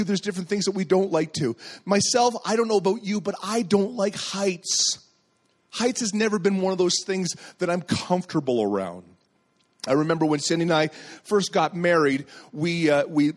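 Middle-aged man, pastor; animated sermon storyteller, slightly high voice. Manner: animated storyteller acting out dialogue.

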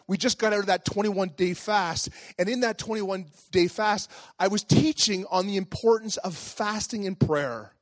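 A man's voice: high voice, dry recording. A male pastor giving a conversational sermon full of rhetorical questions.

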